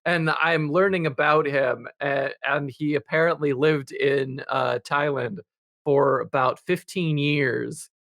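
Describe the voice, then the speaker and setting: Gravelly, dry-voiced man telling a story. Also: a little high, fairly even intonation, takes it slowly, fairly bright tone, no echo. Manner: rambling storyteller, laughs often. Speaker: podcast co-host. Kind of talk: casual podcast chat.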